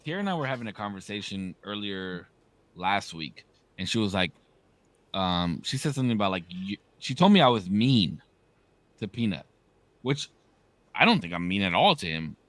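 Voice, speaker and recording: Guy in his 30s on a podcast, lively swoopy voice, dry close sound, cusses a lot. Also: fairly low pitch, normal speed, long pauses, no room sound. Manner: animated storyteller, slangy and profane. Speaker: podcast co-host. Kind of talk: casual chat.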